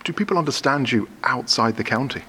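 A man asks curious follow-up questions in a relaxed interview. His voice is a little husky and sits at a middle pitch. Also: fairly quick. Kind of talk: casual interview.

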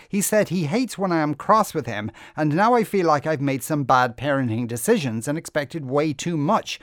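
Man, podcast host, reading a listener's question, lively intonation, dry close sound. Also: a little high, no room sound.

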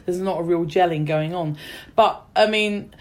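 A woman's voice: on the low side, moderate pace. A middle-aged woman, an actress telling stories in a casual interview. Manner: chatty storyteller, many restarts. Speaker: actress guest.

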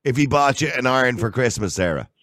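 A man's voice: medium pitch, expressive, fast, fairly bright tone, dry recording, clean studio sound. A man hosting a radio chat show, teasing his guests and laughing often.

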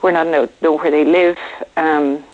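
A woman's voice: low-pitched, steady tone, normal speed. Shaky-voiced Irish woman on a muffled phone line. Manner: emotional, shaky, hesitant with many ums. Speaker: caller. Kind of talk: phone-in call.

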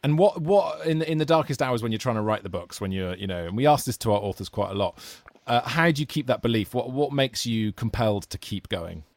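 A British man hosts with playful enthusiasm, joking with his guest. His pitch moves about a great deal, and the recording is dry and close, with no room sound. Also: lively intonation, brisk, dry recording. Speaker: podcast host. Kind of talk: casual interview chat.

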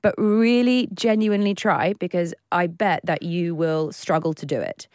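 A woman co-hosting a podcast in relaxed, casual chat. Her voice sits on the low side, and she jokes and restarts her sentences as she goes. The sound is dry and close to the mic. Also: normal speed, no room sound. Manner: chatty, self-interrupting, jokey. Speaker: podcast co-host.

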